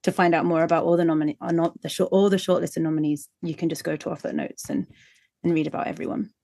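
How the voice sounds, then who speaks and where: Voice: medium pitch, level tone, fast, creaky, mellow, no room sound. A podcast co-host speaking casually, adding friendly asides to the listeners. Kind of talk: casual interview chat.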